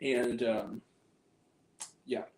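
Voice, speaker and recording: A man's voice: mid-range voice, steady tone, extremely slow, a little mellow, slight background noise. A man hosting a movie review vlog, venting in a heated, profane rant and often repeating himself. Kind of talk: angry ranting vlog monologue. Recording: roomy echo.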